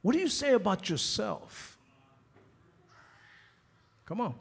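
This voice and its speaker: Husky New pastor preaching. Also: male voice, high voice, huge pitch swings, slow pace. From New York. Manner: repetitive rhetorical questions, conversational preaching. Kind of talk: sermon.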